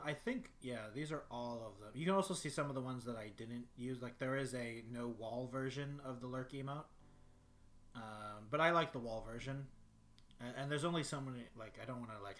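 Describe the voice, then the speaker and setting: Young male streamer, mid-pitched, rambling casual chat, faint hiss behind. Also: normal speed, fairly bright tone. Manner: rambling, many fillers and restarts. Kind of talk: casual solo livestream chat. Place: bedroom.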